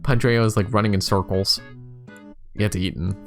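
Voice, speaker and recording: Man, lowish voice, rambling casual chat, lots of fillers, faint background music. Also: steady tone, moderate pace. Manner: rambling, many fillers, thinks aloud. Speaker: YouTuber. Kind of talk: casual commentary for a tier list.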